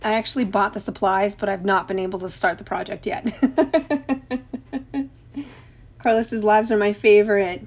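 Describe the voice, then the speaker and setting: A woman's voice: medium pitch, steady tone, unhurried, darkish tone. A middle-aged woman hosting a casual craft live stream, greeting viewers by name and laughing often between remarks.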